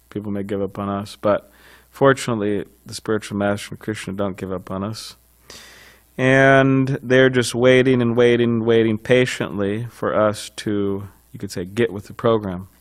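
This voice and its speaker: A man giving an informal scripture class, talking conversationally with frequent fillers and light chuckles. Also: on the low side.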